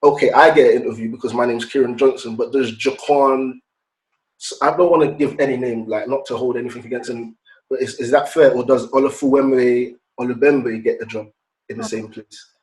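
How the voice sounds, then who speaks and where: A man's voice: mid-range voice, steady tone, brisk, darkish tone, low-quality recording. A British man, a podcast guest, arguing earnestly and posing rhetorical questions. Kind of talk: podcast conversation.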